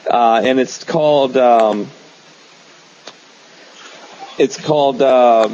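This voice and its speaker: A man's voice: mid-range voice, slow, darkish tone, a little hiss or hum. A man hosting a casual comic-book podcast, rambling enthusiastically with many fillers. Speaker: podcast host. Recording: dull lo-fi podcast recording.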